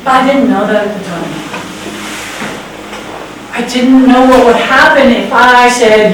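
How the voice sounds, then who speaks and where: A woman's voice: on the high side, fairly even intonation, moderate pace, pauses often. A woman in her sixties telling a true story on stage with wry, sarcastic, self-mocking humor. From United States. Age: 60s. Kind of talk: live personal storytelling. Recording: very echoey hall, distant mic, background noise.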